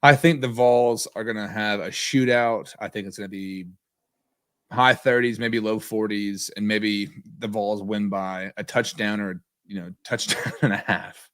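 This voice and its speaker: Low-ish guy rambling on a sports podcast, dry close sound. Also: fairly even intonation, a little slow, a bit bright, no room sound. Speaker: podcast co-host. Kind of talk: casual sports chat.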